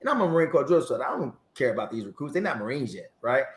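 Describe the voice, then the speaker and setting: A man's voice: mid-range voice, rapid-fire. A man in his forties, a Marine veteran guest, telling a story in an interview and acting out the dialogue. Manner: lively storyteller who acts out dialogue. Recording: roomy echo.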